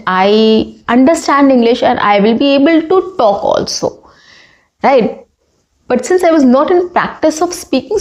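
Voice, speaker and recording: A woman's voice: on the high side, darkish tone. A young woman teaching spoken English in an earnest tone, telling a personal story and often checking in with "right?".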